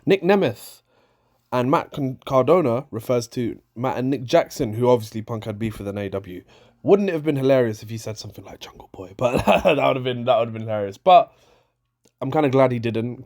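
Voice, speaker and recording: A man's voice: on the low side, a little fast. Exasperated man ranting. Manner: animated and exasperated, with frequent restarts. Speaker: wrestling show reviewer. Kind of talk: casual ranting review.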